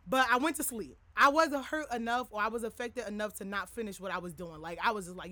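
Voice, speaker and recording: A woman's voice: medium pitch, fast, bright, forceful tone. A young adult woman hosting a podcast, talking candidly and casually to her listeners in a rambling way with many filler words. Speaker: podcast host. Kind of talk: candid personal talk to listeners.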